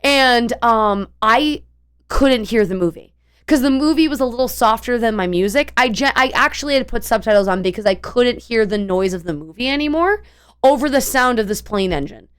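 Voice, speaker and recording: A woman's voice: on the high side, animated, normal speed, smooth. A young woman streamer telling a long story in a casual, rambling way, full of fillers and restarts.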